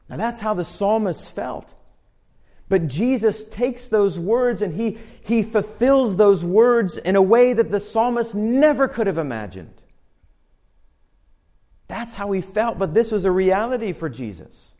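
High-voiced earnest male preacher. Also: lively intonation, mellow. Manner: earnest, slows to read scripture aloud. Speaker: pastor. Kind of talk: sermon.

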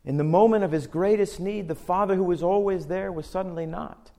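High-voiced earnest male preacher. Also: vocal fry, warm tone. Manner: earnest, slows to read scripture aloud. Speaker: pastor. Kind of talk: sermon.

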